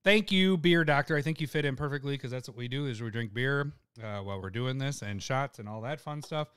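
A man co-hosting a live podcast, chatting casually and rambling through patron shout-outs. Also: mid-range voice, brisk, smooth, dry recording, clean studio sound. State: hiccups and eating hot peppers. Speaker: podcast co-host.

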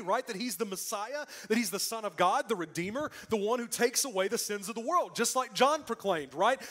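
A man delivers a church sermon in a high, bright-sitting voice. His pitch leaps and falls with great animation. He pushes key lines out loud and then sinks to a near hush for effect. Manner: lively preaching with dramatic drops to a hush. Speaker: pastor. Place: church sanctuary.

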